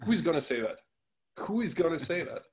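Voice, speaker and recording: A man in his thirties from France with a French accent, co-hosting a podcast in an animated, laughing rant. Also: on the high side, brisk. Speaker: podcast co-host. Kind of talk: casual chat.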